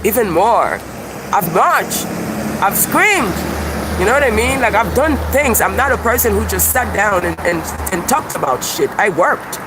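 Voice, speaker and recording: A man with a high voice rambles through a live-stream monologue outdoors. He is animated and profane, and he laughs at his own jokes. Loud traffic noise sits under everything he says. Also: a little slow. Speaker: YouTube livestreamer and self-described comedian. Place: outdoors by a busy street with birds. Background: passing cars and birdsong.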